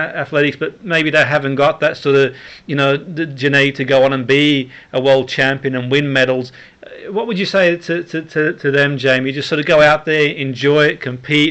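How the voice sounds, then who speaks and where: A man's voice: fairly high pitch, a little fast, fairly bright tone. A man hosting a radio sports show, asking long, encouraging questions full of fillers. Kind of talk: radio interview.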